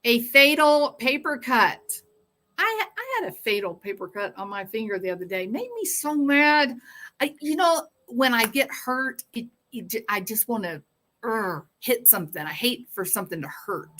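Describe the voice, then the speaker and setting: A woman's voice: on the high side, lively intonation, moderate pace, a bit bright. A woman hosting a true-crime livestream, chatting casually and reading viewer comments with sarcastic, rambling asides.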